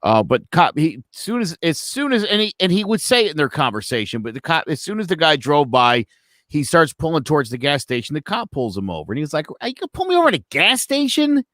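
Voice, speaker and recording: A man's voice: a little high, fairly quick, no room sound, studio quality. A man co-hosting a casual podcast, telling stories animatedly, acting out the people he quotes and swearing freely. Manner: animated storyteller, acts out quotes, heavy swearing. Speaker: podcast co-host.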